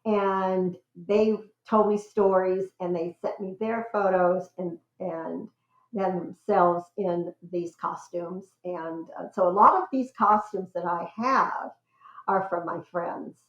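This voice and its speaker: A woman's voice: lowish voice, slow. An older woman, a guest relations expert, chatting enthusiastically in an interview about her research. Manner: enthusiastic, squeals with excitement when telling stories. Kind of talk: conversational interview. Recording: roomy, slightly dull sound.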